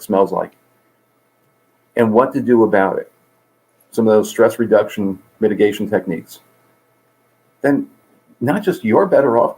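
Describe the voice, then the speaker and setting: This middle-aged man speaks with a lowish, dark tone and noticeable vocal fry, and the audio is poor. He's the guest, a peer support coordinator, telling earnest stories in a conversational interview and voicing the people involved.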